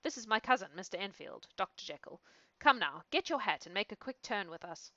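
A woman's voice: medium pitch, very animated, fairly quick, sharp tone, no room sound, lo-fi sound. A woman reading the lines of an earnest, kindly lawyer in a storybook reading, in her own voice.

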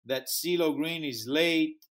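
A man speaks in a somewhat higher register as he tells a story from behind the scenes of a festival. He jumps into quoted dialogue, and his English has a slightly non-native turn of phrase. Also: slow. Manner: animated, acts out quoted dialogue. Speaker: music festival founder. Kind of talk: interview storytelling.

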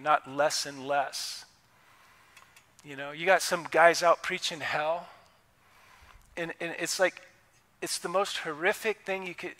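A man preaches with a high, bright, ringing voice, talking to the congregation in an impassioned, conversational way. His words trail into a long reverb from the church hall around him. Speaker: pastor. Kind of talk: sermon. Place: church sanctuary.

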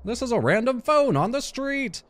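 A man's voice: very high-pitched, very animated, moderate pace, fairly bright tone, heavily acted. A man voicing a cheerful, bubbly female supervisor in a game, chirpy and affectionate, calling people babe and love.

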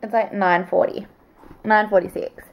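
Giggly young woman vlogging with a gravelly edge. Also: medium pitch, fairly even intonation, moderate pace, lo-fi sound, a little hiss or hum. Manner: giggly, chatty, baby talk to her dog. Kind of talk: casual vlog chat. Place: walking outdoors on a street, later in bed at home.

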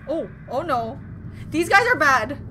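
A young woman hosting a reaction video, chatting and gasping with excitement as she comments on what she watches. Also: sits high, a little slow, faint music behind.

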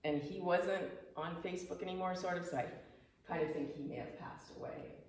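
A woman's voice: lowish voice, brisk, darkish tone, a little hiss or hum. A woman in her fifties giving a personal, emotional talk to a small audience, acting out quoted dialogue as she goes. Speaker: speaker giving a presentation. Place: apartment clubhouse room. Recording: echoey room, mic far off.

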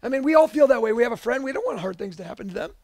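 A man with a very high voice preaching a sermon. He is earnest and emphatic, drops into casual asides and sometimes raises his voice hard. The sound is close and dry, with no room echo. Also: lively intonation, racing, a little mellow. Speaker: pastor.

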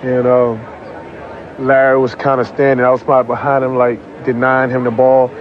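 A man's voice: mid-range voice, monotone, normal speed, lo-fi sound, a little hiss or hum. A man plainly recounting a game moment as a former opponent in an interview. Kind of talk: casual interview storytelling. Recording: music playing behind.

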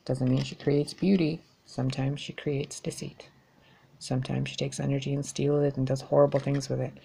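A woman's voice: very deep voice, level tone, moderate pace, gravelly, warm tone, slightly rough. A woman giving a tarot reading in a blunt, exasperated way, swearing freely as she talks to her viewers. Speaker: tarot reader.

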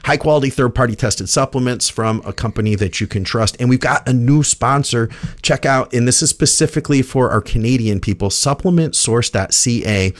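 A man hosting a casual podcast, reading sponsor plugs and shout-outs in a loose, relaxed way with plenty of fillers. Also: medium pitch, a little fast, no room sound. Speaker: podcast host.

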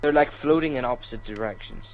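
A man's voice: medium pitch, fast, narrow, tinny audio, a little hiss or hum. A young man in a casual gaming chat, teasing and rambling as he explains things. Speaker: gamer.

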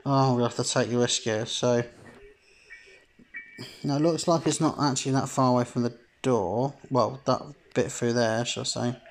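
A man's voice: mid-range voice, steady tone, moderate pace, a little hiss or hum. A man giving casual, rambling let's-play commentary as a gaming YouTuber, swearing freely and padding his talk with fillers.

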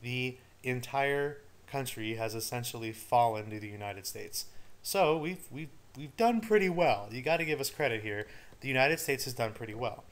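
A man's voice: medium pitch, lively intonation, moderate pace. Male teacher, casual recorded lecture, wry asides, middle-range voice. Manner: casual, joking asides to students. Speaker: history teacher. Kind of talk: recorded study-guide lecture.

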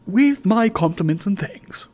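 A man voicing a pompous, self-righteous wealthy old gentleman in a storybook reading, speaking slowly and loftily. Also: high voice, animated, pitched above the performer's own voice. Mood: self-satisfied. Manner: slow, lofty, emphatic. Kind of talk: audiobook reading.

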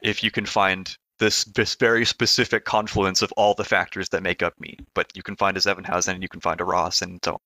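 A man talking as a game-developer guest on a podcast, in a relaxed, hesitant way and laughing often. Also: deep voice, a little fast, hardly any pauses, dry recording. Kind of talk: casual podcast chat.

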